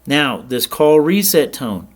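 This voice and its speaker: Man, mid pitch, relaxed tutorial host, plain explaining, casual screen-share lesson. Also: slow pace. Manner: plain, relaxed explaining with check-ins to the viewer. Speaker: ham radio tutorial host.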